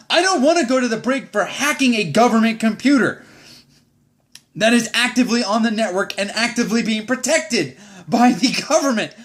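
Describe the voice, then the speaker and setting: A man's voice: very high voice, sing-song, fairly quick. A young man, a Marine sergeant, ranting in a vlog with exasperated, profane, rambling talk.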